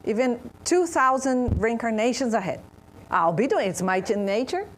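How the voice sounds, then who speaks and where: A woman with a Brazilian Portuguese accent giving an interactive spiritual talk to an audience. She pauses and restarts often while searching for words. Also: fairly high pitch, animated, a little hiss or hum. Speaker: speaker at a spiritist center.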